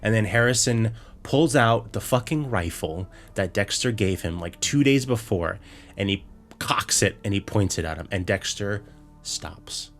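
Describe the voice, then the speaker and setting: A man's voice: fairly low pitch, lively intonation, measured pace, a bit bright, faint music behind. A man co-hosting a podcast, recapping a show in a profane, exasperated rant full of restarts. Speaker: podcast co-host.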